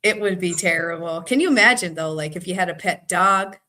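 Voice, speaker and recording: She's a Boston trivia host with a Boston accent whose voice sits on the low side, bright and forceful, a little fast. On her live stream she chats casually and reads viewer comments aloud.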